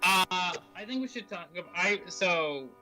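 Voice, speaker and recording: A man's voice: high-pitched, animated, measured pace, bright, forceful tone, faint music behind. A man joining a casual chat with friends, speaking eagerly and rambling as he makes his point. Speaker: guest friend.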